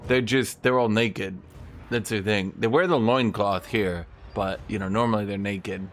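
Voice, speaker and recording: A man's voice: lowish voice, measured pace, slight background noise. A man giving casual gameplay commentary as a streamer, rambling and chatting to his cat between remarks. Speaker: gaming streamer.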